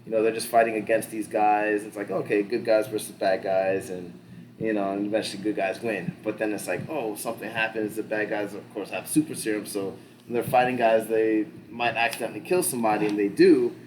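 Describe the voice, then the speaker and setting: A man's voice: on the low side, fairly even intonation, a little fast, noisy background. A man talking loosely as a podcast co-host, rambling through a show recap with lots of fillers, restarts and casual swearing. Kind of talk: casual pop-culture discussion.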